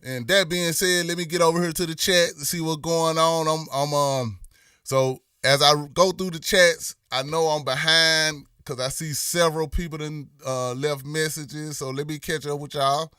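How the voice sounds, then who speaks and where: A man's voice: fairly high pitch, moderate pace, smooth, no room sound, studio quality, recorded from a distance. A man with a Memphis Southern accent hosting a casual livestream, talking loosely and slangy and answering viewers in the chat. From Memphis, USA. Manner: slangy, animated when greeting viewers. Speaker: livestream host.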